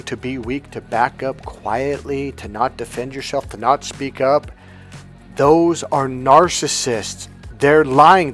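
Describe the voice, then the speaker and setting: A man's voice: medium pitch, fairly bright tone. A man giving a motivational vlog monologue as a coach, blunt, profane and emphatic. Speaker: relationship coach.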